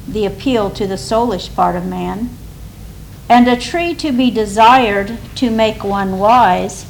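A woman giving a measured, deliberate reading of a devotional commentary. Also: mid-range voice, gravelly, slight background noise, low-quality recording. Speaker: reader.

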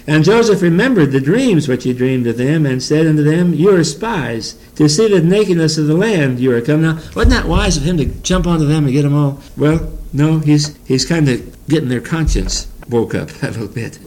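A man preaching a Bible teaching sermon. His voice sits a little high for a man, and he reads scripture in the old phrasing. Between verses he turns folksy and chuckles. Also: lively intonation, normal speed, hardly any pauses, a little mellow, rough recording.

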